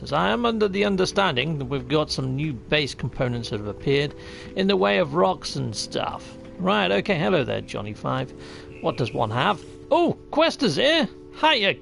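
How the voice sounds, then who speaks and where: Jovial male streamer, high-pitched and very animated, hamming up greetings to chat. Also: creaky. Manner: jovial, theatrical greetings, chatty asides. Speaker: gaming livestream host. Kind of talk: live gameplay commentary and chat shout-outs.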